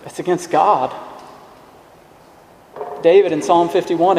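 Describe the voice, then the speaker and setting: A man's voice: on the high side, steady tone, unhurried, long pauses, a little mellow. A man preaching a sermon in an earnest voice, asking rhetorical questions and repeating his words. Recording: echoey hall, faint room noise.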